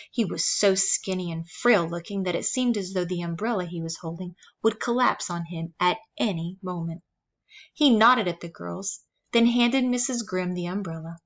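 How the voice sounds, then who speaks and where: A woman's voice: lowish voice, muffled recording. Woman reading a children's novel aloud. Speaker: reader.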